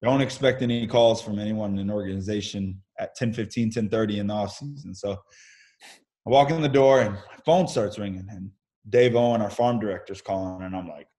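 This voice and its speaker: A man's voice: on the low side, brisk. A young American man telling candid stories about his career in a casual interview over a video call. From United States. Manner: lively storyteller, casual and candid, mild swearing. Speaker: podcast guest, pro baseball player.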